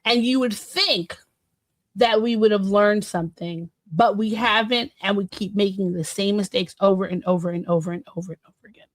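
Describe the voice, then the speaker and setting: A woman's voice: medium pitch, normal speed, no echo. A woman co-hosting a podcast, speaking earnestly and emphatically, repeating words for weight. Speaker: podcast co-host. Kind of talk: casual podcast discussion.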